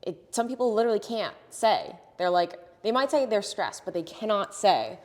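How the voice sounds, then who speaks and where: A woman's voice: mid-range voice, expressive, normal speed, a little mellow, long reverb tail. A woman health coach talking earnestly and passionately, explaining things step by step as a podcast guest. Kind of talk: casual interview chat.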